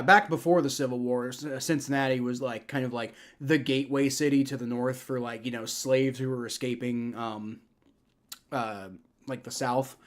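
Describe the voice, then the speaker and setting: A young man from the United States hosting a casual livestream, reacting to a game and chatting, rambling through lots of restarts and fillers. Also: medium pitch. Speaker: livestream host. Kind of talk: casual live reaction and play-by-play.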